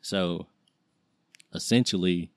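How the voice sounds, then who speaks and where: A man's voice: low voice, slow, dry recording, studio quality. A man in his late thirties casually telling a personal story as a podcast host, loose and rambling with slang and lots of fillers. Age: 30s.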